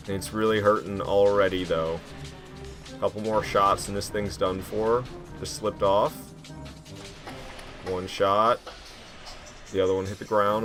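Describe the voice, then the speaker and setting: A man giving casual, excitable commentary while playing a video game, slangy and quick to mock himself. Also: fairly low pitch. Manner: excitable, self-mocking, slangy. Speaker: gaming commentator.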